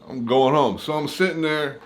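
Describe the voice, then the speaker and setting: A man's voice: fairly high pitch, moderate pace. A man casually telling a personal story to his camera, in slangy talk, acting out the lines of the people in it. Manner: slangy, animated retelling with quoted dialogue. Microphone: camera mic.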